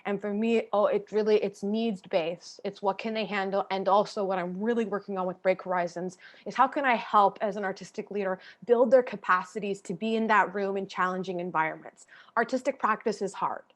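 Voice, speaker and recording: Woman, panel guest over a video call, mid-pitch, frank and fired up, the odd casual swear. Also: fairly even intonation, fairly quick, hardly any pauses. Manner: passionate, candid, swears casually. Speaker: panel guest, theater artist. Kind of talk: panel discussion talk.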